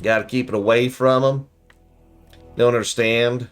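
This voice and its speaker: A man's voice: medium pitch, steady tone, measured pace, clean tone, faint music behind, pitched above the performer's own voice, close to an everyday voice. A man putting on a pompous male politician with a put-on Southern US accent, drawling and sanctimonious. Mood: mock-righteous.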